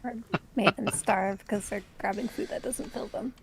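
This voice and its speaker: A woman's voice: mid-range voice, steady tone, moderate pace, gravelly, noisy background. A woman chatting casually on a game live stream, speaking hesitantly and laughing easily. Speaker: co-player on the stream. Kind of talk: casual chat.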